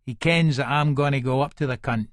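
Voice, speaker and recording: A man's voice: mid-range voice, fairly quick, no room sound, clean studio sound, natural voice. A man with a Scottish accent playing a violent, menacing middle-aged hard man, narrating an audiobook in the first person with coarse, swearing speech.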